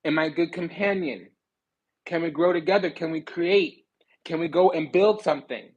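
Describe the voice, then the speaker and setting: A man giving a sassy, animated tarot reading, blunt and swearing freely. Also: on the high side, normal speed, husky, lo-fi sound. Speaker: spiritual card reader.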